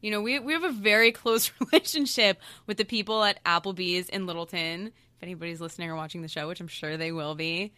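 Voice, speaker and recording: A chatty woman talks casually as a podcast guest. Her voice is bright and crisp, and she laughs easily. The sound is dry, with no room echo. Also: fairly low pitch, quick pace, few pauses. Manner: chatty, laughs often, says "like" a lot. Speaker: guest, TV show co-star.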